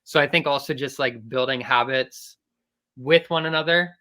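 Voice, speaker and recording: Bright, smooth-voiced male band member. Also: mid-range voice, normal speed. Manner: earnest, advice-giving, steady. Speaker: band member, podcast guest. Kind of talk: casual interview chat.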